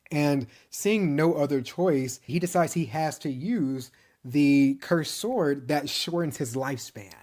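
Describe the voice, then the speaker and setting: A man walks through an anime season in a relaxed, conversational recap. He tells it like a story and breaks into chuckles along the way. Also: medium pitch. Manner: animated storytelling, chuckles often, mimics characters' lines. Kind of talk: casual anime series recap.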